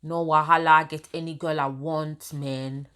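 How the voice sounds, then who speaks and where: A woman's voice: deep voice, little pitch movement, unhurried, pushed and bright, smooth. A woman imitating a boastful young male celebrity with a clumsy mock Nigerian accent. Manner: swaggering, clumsy put-on accent.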